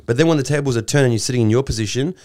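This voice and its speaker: A man's voice: medium pitch, very fast, darkish tone. A young man, a comedian guest, chatting casually and swearing freely as he tells stories. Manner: swears freely, laid-back storytelling. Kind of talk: casual chat.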